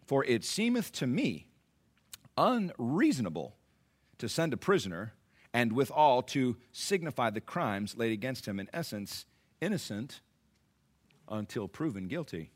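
A man preaching a sermon, retelling scripture dramatically, swinging from hushed lines to loud, animated asides. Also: mid-range voice, unhurried. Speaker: pastor.

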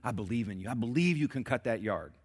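A man voicing a gentle, pleading father who talks in a soft, hushed, mock-sincere way. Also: medium pitch, expressive, quick pace, slightly rough. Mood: coaxing.

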